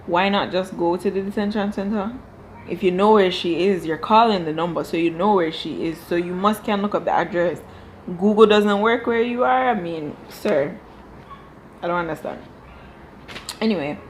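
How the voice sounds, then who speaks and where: A woman's voice: medium pitch, slight background noise, low-quality recording. A woman reviewing a reality show from home, talking casually and firing off exasperated rhetorical questions. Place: home room.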